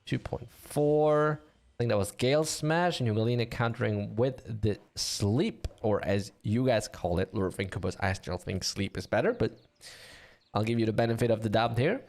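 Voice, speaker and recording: A man's voice: fairly low pitch, moderate pace, a little mellow. A man casting a live online game match, chatty and joking with his co-caster and the audience. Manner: chatty, joking, easily amused. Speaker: esports caster.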